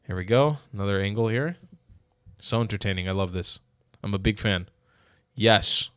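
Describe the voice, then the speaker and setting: A man's voice: fairly low pitch, moderate pace, fairly bright tone, smooth, no echo, studio quality. Blunt, profane male commentator. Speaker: political commentator, channel host. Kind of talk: casual reaction commentary.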